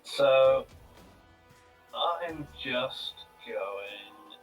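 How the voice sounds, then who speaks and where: A man playing a tabletop game, thinking aloud in a halting, casual way. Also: mid-range voice, animated. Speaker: player. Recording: distant mic with faint music.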